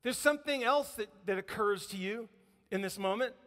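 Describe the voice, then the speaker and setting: A man with a fairly high voice preaches in a church. He tells the story with lively energy and puts on voices for the quotes. A long reverb from the hall trails behind his words. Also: normal speed. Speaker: pastor. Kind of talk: sermon. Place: church sanctuary.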